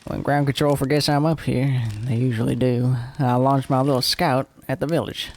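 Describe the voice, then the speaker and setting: A man's voice: medium pitch, steady tone, moderate pace, natural voice. A man voicing a wry, lonely alien lookout keeper on a moon, reading game dialogue aloud in a put-on rural drawl.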